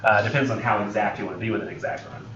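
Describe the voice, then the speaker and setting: A man's voice: fairly low pitch, steady tone, rapid-fire, fairly bright tone, slight background noise. A young man, teaching a college English class in a casual, rambling way with frequent ums, self-corrections and jokes. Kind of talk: classroom lecture. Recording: roomy, distant, dull lo-fi classroom recording.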